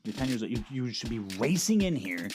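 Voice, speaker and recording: A man's voice: mid-range voice, big pitch swings, a little fast, a little mellow. A middle-aged man hosting his own podcast, talking in a casual, rambling monologue full of fillers, restarts and swearing. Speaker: podcast host. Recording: music playing behind.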